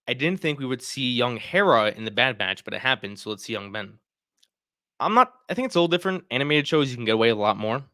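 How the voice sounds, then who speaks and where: Man, livestream host, casual chat, lively swinging pitch, dry close sound. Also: dry recording. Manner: animated, chatty, reacts to viewer comments.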